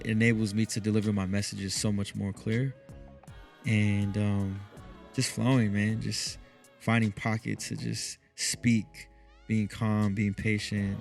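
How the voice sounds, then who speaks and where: A man with a low-set, smooth broadcaster's voice speaks in a calm, patient way during a laid-back interview. Soft music plays quietly underneath. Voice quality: smooth radio voice. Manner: calm, unhurried, drops lots of "you know what I mean". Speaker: DJ and radio host, interview guest. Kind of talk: relaxed conversational interview.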